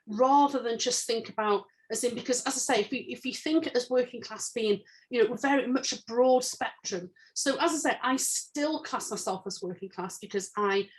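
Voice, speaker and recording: A woman author and senior lecturer being interviewed, speaking earnestly and thinking aloud, often correcting herself mid-sentence. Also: a little high. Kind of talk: conversational interview.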